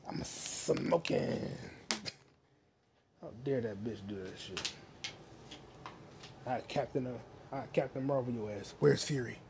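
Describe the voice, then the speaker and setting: A man's voice: mid-range voice, moderate pace, long pauses, background noise. A man hosting a crude solo podcast from his home kitchen, rambling, swearing constantly and laughing at his own jokes. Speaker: podcast host.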